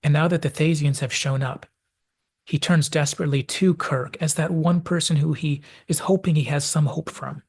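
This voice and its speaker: A man's voice: on the high side, steady tone, moderate pace, slightly rough. A man hosting a video essay, reflectively analyzing a classic TV episode and thinking aloud as he goes.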